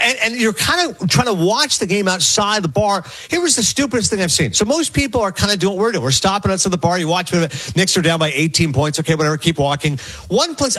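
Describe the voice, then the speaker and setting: A man telling a long sports story as co-host on a radio talk show, animated and rambling, acting out quotes. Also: high voice, husky. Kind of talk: casual storytelling chat.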